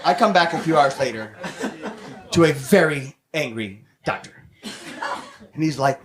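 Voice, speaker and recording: A young man doing stand-up comedy, telling a self-mocking story in quick, animated bursts with some swearing, on a comedy stage with a handheld mic. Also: on the high side. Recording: loud background noise with audience laughter.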